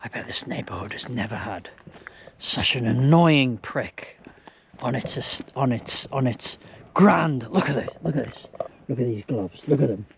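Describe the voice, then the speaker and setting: Tipsy man rambling slowly at a campsite. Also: mid-range voice, lively intonation, vocal fry, slight background noise. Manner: rambling, self-mocking, slow and loose. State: tipsy with hiccups. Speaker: vlogger. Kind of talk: casual vlog monologue. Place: outdoors at a campsite.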